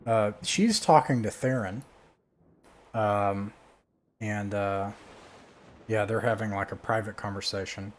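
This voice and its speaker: Slow halting man running a tabletop game. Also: on the low side, slight background noise. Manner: halting, many fillers and restarts. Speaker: game master.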